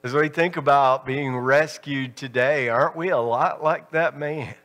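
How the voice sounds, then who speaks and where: A man's voice: medium pitch, a little slow, a bit bright. A man pastor giving a sermon in an earnest storytelling manner. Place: church worship hall. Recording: reverberant church hall.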